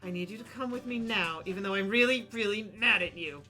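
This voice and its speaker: A woman's voice: mid-range voice, a little fast, pushed and bright, soft background music. A woman streaming a story game, reading its dialogue aloud in playful voices and laughing often between lines.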